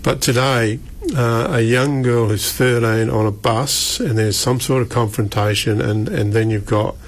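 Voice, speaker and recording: A man, a radio guest speaking earnestly and haltingly with many restarts. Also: medium pitch, steady tone. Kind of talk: radio interview.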